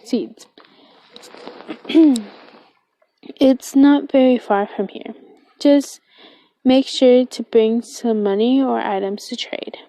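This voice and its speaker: Friendly game villager, read by a woman, plain reading, no accent, slow, mellow. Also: on the high side, dry recording, low-quality recording. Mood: helpful. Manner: reads the lines plainly, no accent.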